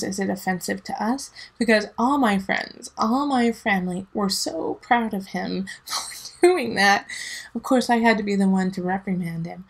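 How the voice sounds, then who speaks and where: A woman's voice: mid-range voice, gravelly, slightly rough. A woman, a tarot reader and mother, chatting casually and rambling as she gives a reading, laughing often. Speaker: dance teacher and mother.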